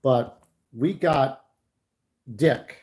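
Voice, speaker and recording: A man's voice: mid-range voice, very slow, darkish tone, low-quality recording. Candid middle-aged man livestreaming. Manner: candid, opinionated, talks straight to viewers. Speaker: YouTube livestreamer. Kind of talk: casual livestream chat.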